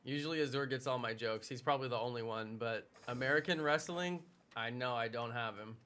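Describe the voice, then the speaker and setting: A man's voice: mid-range voice, fairly quick, pushed and bright, smooth. A man in his thirties giving chatty, playful live-stream commentary while he plays a game and jokes with his viewers. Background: game music.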